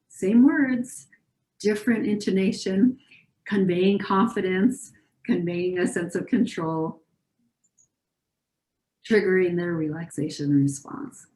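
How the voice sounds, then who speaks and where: Calm clinician lady teaching, soft mellow voice, kinda low, roomy echo. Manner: calm, reassuring, models soothing phrases. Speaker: pediatric clinician presenter. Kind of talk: educational talk.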